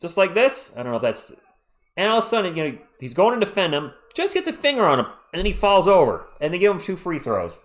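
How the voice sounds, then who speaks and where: Hoarse excitable man calling the game. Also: high-pitched, fast talker. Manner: excitable, ranting about referee calls. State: losing his voice. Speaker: live stream host. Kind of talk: fan play-by-play commentary.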